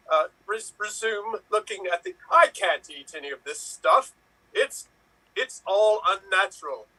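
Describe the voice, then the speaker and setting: A man playing a rock star reading a cereal box, in a slow, theatrical, horror-movie drawl. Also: on the high side, pushed and bright, breathy edge, no room sound, heavily acted, poor audio.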